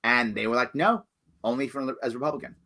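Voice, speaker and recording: A man hosting a live online Q&A who reads viewers' comments and answers them, often acting out other people's lines. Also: brisk. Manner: animated, acts out other people's lines with big jumps in pitch. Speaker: host answering viewer questions. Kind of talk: live call-in style Q&A stream.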